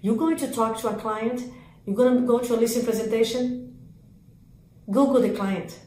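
Woman, sales coach, emphatic repeated commands, slightly high voice, echoey room. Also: steady tone, moderate pace, mellow. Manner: emphatic, repetitive lists of commands. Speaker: real estate sales coach. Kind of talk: energetic sales training talk.

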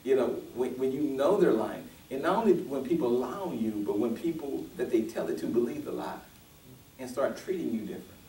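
A man's voice: mid-range voice, animated, a little fast, warm tone, echoey room, distant mic, slight background noise, low-quality recording. A male pastor preaching a sermon, restarting often and building to emphatic, rising peaks.

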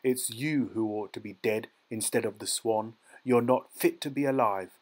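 A man's voice: medium pitch, moderate pace, natural voice. A man voicing a small, bullied teenage boy who speaks up earnestly and defiantly, in an audiobook reading. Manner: earnest, pleading then defiant.

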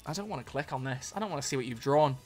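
A streamer giving excitable live commentary on a drawing game, swearing freely and breaking into loud laughter. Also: medium pitch, racing, breathy edge, faint music behind.

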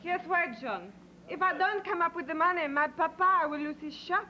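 A woman's voice: very high voice, moderate pace, sharp tone, a little hiss or hum. A woman playing a coy French flirt. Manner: put-on French accent, coy. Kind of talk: sketch comedy acting. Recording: dull lo-fi TV audio.

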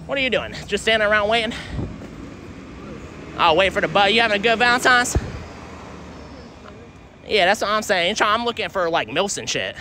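A young man livestreaming while walking a city street, rambling, swearing constantly, and pitching strangers. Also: lively intonation, fairly quick, long pauses, sharp tone, slight background noise. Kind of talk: live street streaming.

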